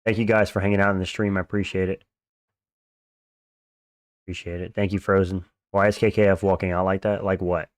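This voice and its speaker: Low-pitched with little pitch movement, he talks a little fast but pauses often while reacting to fights on his livestream, chatting in slang and thanking donors. The sound is clean studio audio without echo.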